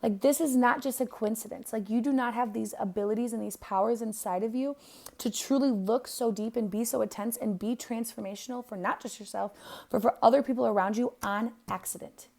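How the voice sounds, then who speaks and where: Young woman reading a birth chart, swears a lot, says um and like constantly, gravelly voice. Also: fairly high pitch, fairly quick, a little mellow. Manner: blunt, profane, emphatic, many fillers. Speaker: astrologer.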